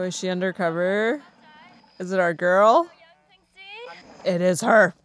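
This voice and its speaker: A woman's voice: fairly low pitch, takes it slowly, long pauses, slight background noise. Exclaiming woman reacting to a movie. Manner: exclaiming, gasping, talking back at the screen. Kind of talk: first-time movie reaction commentary.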